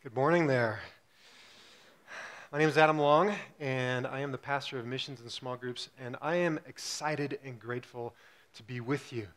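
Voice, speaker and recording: A man's voice: mid-range voice, steady tone, normal speed, a bit bright. A pastor in his forties, from Singapore, gives a casual, humorous sermon, talking chattily with frequent fillers.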